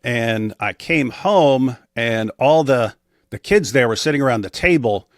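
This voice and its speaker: A man's voice: medium pitch, animated, unhurried, no room sound, clean studio sound. A man as an interview guest, telling a personal story in a matter-of-fact way with frequent restarts. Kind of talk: casual storytelling in conversation.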